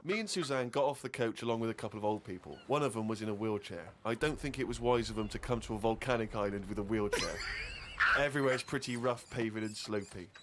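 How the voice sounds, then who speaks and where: A man co-hosting a comedy chat, reading a friend's diary aloud in a dry, deadpan way. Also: fairly low pitch, quick pace. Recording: noisy studio recording.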